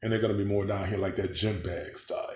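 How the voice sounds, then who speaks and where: A man's voice: fairly low pitch, flat delivery, fast talker, darkish tone. Chatty man in an echoey room. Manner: chatty, rambling, asks viewers to imagine. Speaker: vlogger. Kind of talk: casual show-and-tell vlog. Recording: echoey room, faint background noise.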